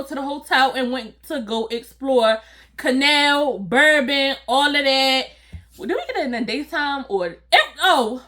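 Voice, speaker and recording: A woman telling a casual, animated storytime to her viewers, acting out voices and laughing along. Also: sits high. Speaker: storytime vlogger.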